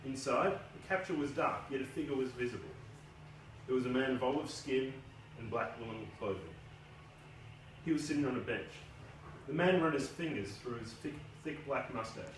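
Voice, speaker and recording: A man's voice: mid-range voice, normal speed, slight background noise. A man, a debut novelist, giving a casual, self-deprecating speech and reading from his book at a launch. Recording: echoey room from a distance.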